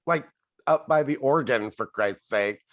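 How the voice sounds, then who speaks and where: A man co-hosting a casual podcast chat, with a mid-range pitch. He talks in a sarcastic, wry way and sometimes swears. The recording is dry and close. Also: measured pace, no echo, muffled recording. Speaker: podcast co-host.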